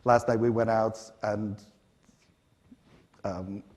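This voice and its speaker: A middle-aged Canadian panel guest, his fairly low-pitched voice slow, tells conversational stories on a conference stage over a slight hiss or hum. He's animated, acting out quotes with frequent fillers.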